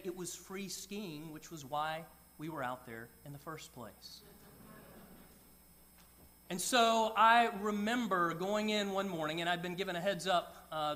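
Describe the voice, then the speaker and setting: Preacher guy, high bright voice, telling a story, drops soft and quiet sometimes. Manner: storytelling, with quick dips into soft quiet asides. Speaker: pastor. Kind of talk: sermon.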